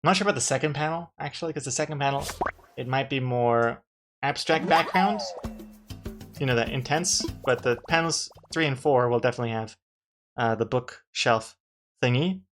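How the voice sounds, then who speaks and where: A man's voice: mid-range voice, normal speed, music in the background. Rambling male artist chatting on stream. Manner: rambling, restarts often, dry jokes to chat. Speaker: comic artist streaming his drawing. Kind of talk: casual live-stream chat while drawing.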